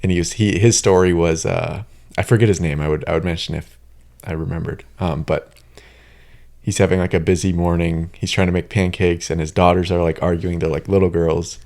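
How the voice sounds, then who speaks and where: A man hosting a podcast, relaxed and thoughtful as he recounts a story in casual chat. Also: sits low, a little fast, creaky. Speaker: podcast host.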